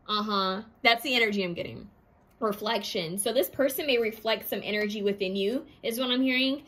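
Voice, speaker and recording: A woman's voice: mid-range voice, brisk. A woman giving a pick-a-card tarot reading in a chatty, intuitive way, often saying what she is hearing. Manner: lively, acts out quoted voices.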